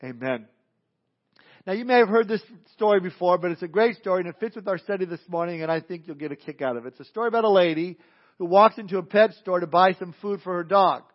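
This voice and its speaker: A high-voiced male pastor delivers a sermon in a folksy, joking way, mixing scripture with stories. The recording sounds dull and lo-fi. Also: fast talker.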